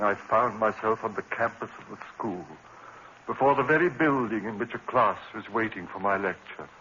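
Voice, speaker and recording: An actor playing a haunted lecturer who slides into murderous madness and narrates his own story, in an old radio drama. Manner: frantic and pleading in scenes, numb and low in narration. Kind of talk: 1940s radio acting. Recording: lo-fi old radio broadcast with loud hiss.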